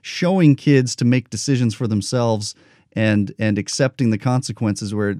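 A man hosting a podcast interview, thoughtful and a bit rambling, with soft laughs. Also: mid-range voice, moderate pace, no echo, studio quality. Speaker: podcast host.

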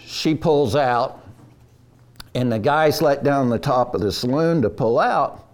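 A man's voice: mid-range voice, measured pace. Folksy man telling a story. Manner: folksy drawl, animated retelling. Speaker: guest telling a rodeo story. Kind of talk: casual storytelling.

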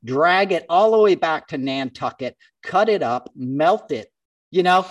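A man's voice: fairly high pitch, lively intonation, measured pace, no room sound, distant mic, highs cut off. A man hosting a podcast, chatting casually about the news and telling stories with frequent laughs. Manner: chatty storyteller, laughs often. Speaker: podcast host. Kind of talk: casual political chat.

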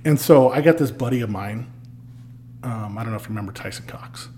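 Man, podcast guest, casual storytelling, animated, salty, middle pitch, faint background noise. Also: fairly quick. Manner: animated, acts out quoted lines with swearing and laughs.

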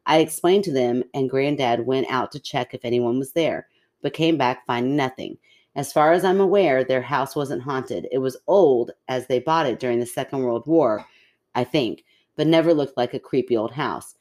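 A woman with a very deep voice co-hosts a chatty podcast. She reads listener stories aloud in an animated way and reacts with quick laughs and gasps. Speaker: podcast co-host. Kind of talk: casual chat and reading listener stories aloud.

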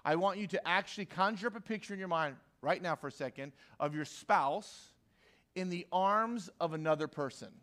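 Before a live audience in a church hall, a male pastor delivers a conversational sermon at normal speed in a high, fairly bright voice. He repeats important lines for emphasis and performs the voices of people he quotes.

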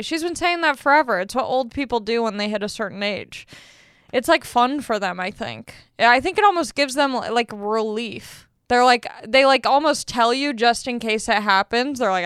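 A woman's voice: on the high side, lively intonation, moderate pace, a bit bright, smooth, no echo, clean studio sound. A young woman, a comedian hosting a podcast, telling stories in casual, self-deprecating chat. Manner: chatty, self-deprecating storytelling.

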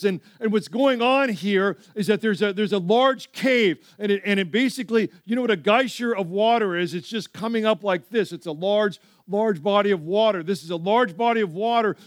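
A male pastor preaching a sermon, telling stories with lively asides to the church. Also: sits high, smooth, no echo, studio quality. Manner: animated storytelling with frequent asides.

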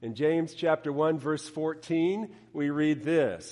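A man preaching a sermon, telling a story in an unhurried, expressive way. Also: fairly high pitch. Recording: reverberant hall.

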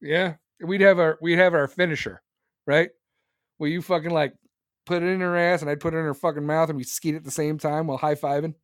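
Male podcast host, profane political ranter, angry and mocking, slightly high voice, dry close mic. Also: steady tone, a little fast, clean tone, dry recording. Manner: angry, crude, swings into mocking laughter.

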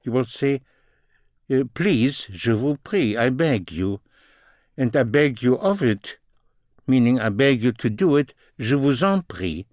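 A man teaching a recorded language lesson, slowly repeating each phrase and its translation. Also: mid-range voice, expressive, a little mellow, no echo, studio quality. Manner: slow, deliberate, repeats phrases in two languages.

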